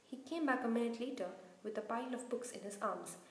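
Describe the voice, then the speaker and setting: A woman reading a novel aloud as a channel host, in a steady, expressive storytelling manner. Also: fairly high pitch, brisk, vocal fry. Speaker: audiobook reader. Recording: roomy echo.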